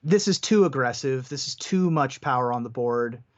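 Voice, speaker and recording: A man's voice: medium pitch, expressive, normal speed. A man commentating a card game tournament live, giving analytical play-by-play. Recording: dull lo-fi stream audio.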